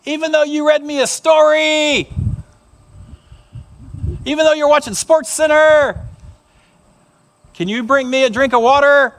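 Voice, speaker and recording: A man's voice: extremely high pitch, fairly even intonation, unhurried, pauses often, fairly bright tone, pitched above the performer's own voice. A man voicing a persistent little boy who keeps asking his dad for a drink of water at bedtime. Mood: pleading. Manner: persistent, pleading, sing-song.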